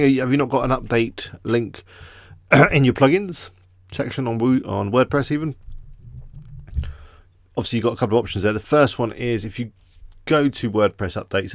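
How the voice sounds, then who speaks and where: English male streamer, mid pitch, dry close sound, casual chatty delivery. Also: no room sound. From England. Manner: chatty, greets viewers by name. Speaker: live stream host. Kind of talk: casual live stream chat.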